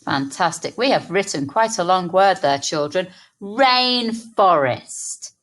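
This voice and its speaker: An English woman teaching a phonics lesson to young children, sounding out words slowly and encouragingly. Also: fairly low pitch, lively intonation. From England. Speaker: primary school teacher.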